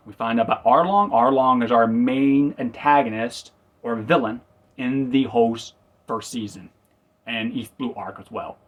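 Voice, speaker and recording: Reviewing a TV episode in an easygoing way, a man with a mid-range voice wanders through the plot, fixes his own slips, and acts out lines. The sound quality is lo-fi.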